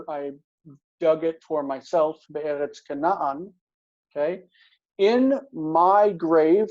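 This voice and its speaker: A man teaching a casual Hebrew grammar lesson, explaining step by step and repeating words slowly. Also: on the high side, mellow. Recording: dull lo-fi recording.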